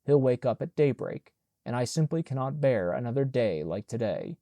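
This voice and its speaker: A man's voice: mid-range voice, lively intonation, normal speed, warm tone, dry recording, close to an everyday voice. A man voicing a sickly, self-pitying mother who complains plaintively.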